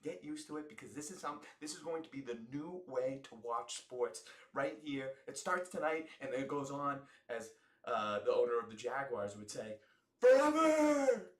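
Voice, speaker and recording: An American man hosting a live football watch-along, talking in an excitable, profane, rambling way. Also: medium pitch, moderate pace, roomy sound. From United States. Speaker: host of an alternate sports broadcast.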